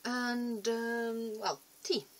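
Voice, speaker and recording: A woman's voice: on the high side, fairly even intonation, drawn-out words. A young woman rambling casually to camera in a vlog, chatty and self-deprecating, often trailing off and restarting. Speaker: vlogger.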